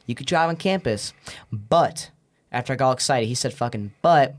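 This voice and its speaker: A man's voice: medium pitch, lively intonation, moderate pace. A young man in his late teens, a podcast guest telling profane, rowdy stories in casual chat, acting out what people said. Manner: rowdy, profane storytelling, acts out quotes.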